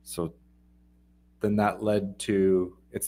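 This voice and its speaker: Deep-voiced man, reflective host. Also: level tone, measured pace, long pauses, darkish tone. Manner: reflective, explains ideas aloud. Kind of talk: podcast conversation.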